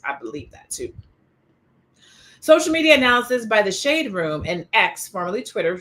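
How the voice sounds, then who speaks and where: A woman hosting a casual panel discussion, animated and expressive, acting out quoted exchanges as she talks. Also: mid-range voice. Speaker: podcast host.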